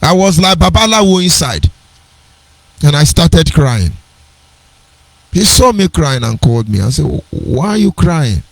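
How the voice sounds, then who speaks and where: A man's voice: fairly high pitch, expressive, measured pace, gravelly, long pauses, no echo, low-quality recording. A middle-aged man with a Nigerian accent, giving an earnest personal storytelling talk on a radio program, digressive and with sing-song emphasis.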